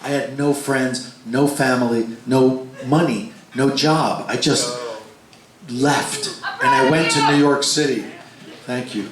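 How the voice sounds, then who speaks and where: A man telling a story live between songs, animated and swinging his pitch for the voices he quotes, swearing freely. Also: slow pace. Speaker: stage performer telling a story. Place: large concert hall before a live crowd. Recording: echoey live hall with crowd.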